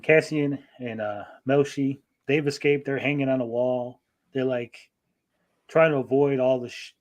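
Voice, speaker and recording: A man co-hosting a podcast, casually recapping a TV episode in a profane, rambling way and briefly acting out the characters. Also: medium pitch. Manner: profane, rambling, acts out characters in quick asides. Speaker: podcast co-host.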